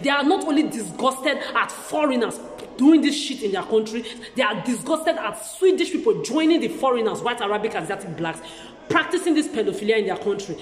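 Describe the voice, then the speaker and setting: A woman's voice: a little high, lively intonation, fairly quick. A woman in an agitated vlog rant to camera, talking in heated bursts with stammering restarts and repeated words. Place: lives in the country she describes as where she'll age. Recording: echoey room with long reverb.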